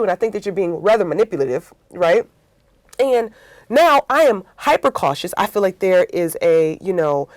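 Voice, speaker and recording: A woman talks through workplace stories in a conversational interview. She acts out quoted remarks and keeps checking in with "right?". Her voice is mid-pitched and the sound is dry and close. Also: dry recording. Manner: animated storytelling with acted-out quotes; frequent "right?" tags. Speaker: interview guest, workplace consultant.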